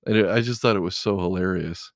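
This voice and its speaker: A man's voice: low voice, quick pace, no echo, studio quality. A middle-aged man, a truck driver, chatting casually and telling rambling stories full of "you know". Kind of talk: casual chat.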